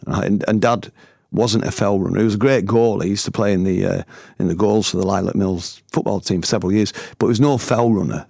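A gravelly, fairly low-voiced middle-aged man spins a personal yarn, slangy and chatty, chuckling along. The sound is dry and close, with no room around it. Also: a little mellow, no room sound. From north of England. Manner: colloquial, laughs through the telling. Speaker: storyteller and former band member. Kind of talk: anecdotal storytelling.

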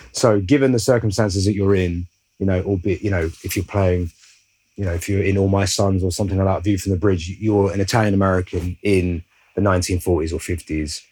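A man's voice: low-pitched, a little mellow, slightly rough, poor audio. A man, an actor leading a casual interview, who speaks in a thoughtful, reflective way and sometimes searches for his words.

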